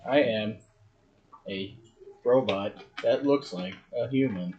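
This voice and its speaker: Play a stiff robot captain pretending to be human, as a man puts it on, with a fake Russian accent, very slow and clipped. The sound is muffled, with plain noise behind it. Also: fairly low pitch. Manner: flat, slow, clipped statements. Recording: dull, noisy recording.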